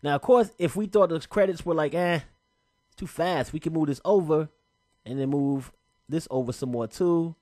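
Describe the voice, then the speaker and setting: Chatty man explaining software steps. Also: a little high, normal speed, dry recording, clean studio sound. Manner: relaxed, chatty, slangy step-by-step explaining. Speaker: software tutorial presenter. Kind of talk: casual screen-recorded tutorial.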